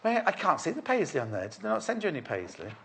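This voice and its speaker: A man's voice: a little high, huge pitch swings, fast talker, gravelly, fairly bright tone, a little hiss or hum. A man presenting a live shopping show, gushing over products and bantering with his guest. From Merseyside, England. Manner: gushing, repeats himself, teasing banter. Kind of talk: chatty live sales presenting.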